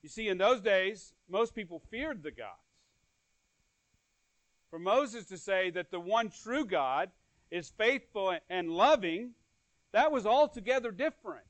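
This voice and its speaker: A man with a high voice preaches a sermon in dry, close sound with no room echo. He speaks earnestly, rising in force and then falling quiet. He repeats phrases and restarts words mid-thought. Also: lively intonation, measured pace. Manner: earnest preaching, swelling louder then dropping soft. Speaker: pastor.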